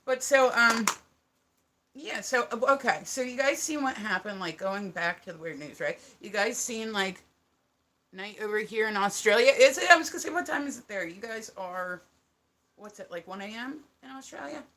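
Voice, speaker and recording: A woman's voice: a little high, animated, moderate pace, sharp tone. A woman with a New Jersey accent chatting casually on a livestream, rambling, laughing often and swearing casually. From United States. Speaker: live streamer. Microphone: phone.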